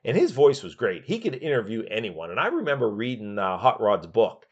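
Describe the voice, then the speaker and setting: A man's voice: lowish voice, sing-song, fairly quick, slightly rough, highs cut off. A man hosting a podcast, rambling through his memories in a casual monologue with many fillers. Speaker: podcast host.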